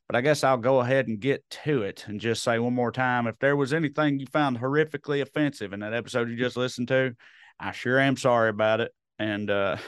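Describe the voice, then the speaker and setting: A man's voice: mid-range voice, clear, resonant tone, no echo, studio quality. A man hosting a podcast alone, chatting casually in a rambling, joking, self-deprecating way into a podcast microphone. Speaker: podcast host. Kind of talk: solo casual podcast chat.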